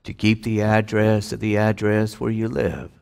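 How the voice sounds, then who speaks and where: A man giving a solemn spiritual talk, with deliberate phrasing and long pauses. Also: fairly low pitch, flat delivery, creaky, a little mellow, clean tone. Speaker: spiritual teacher.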